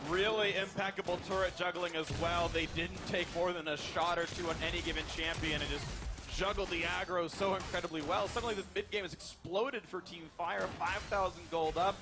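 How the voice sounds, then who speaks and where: A man with a high voice gives color commentary on an esports match. He jokes around and breaks into excited bursts, with music clearly audible behind him. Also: brisk.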